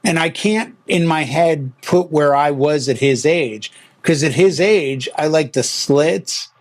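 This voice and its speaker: A man's voice: a little high, slow pace. A middle-aged man hosting a casual music talk show, telling stories and acting out quotes. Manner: animated storyteller, acts out quotes. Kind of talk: casual chat.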